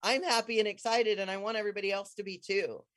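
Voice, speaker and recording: Excitable rambling storyteller, mid-pitched voice. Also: fast talker. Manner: excitable, bursts into high squeals when quoting herself; rambling, many restarts and trailing phrases. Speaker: guest telling a personal story. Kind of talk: casual conversational storytelling.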